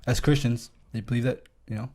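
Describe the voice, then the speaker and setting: A man's voice: mid-range voice, fairly even intonation, a little fast, warm tone. A man chatting casually on a podcast about faith, with lots of "you know" and frequent affirmations. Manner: conversational, many fillers and affirmations. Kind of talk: casual religious discussion.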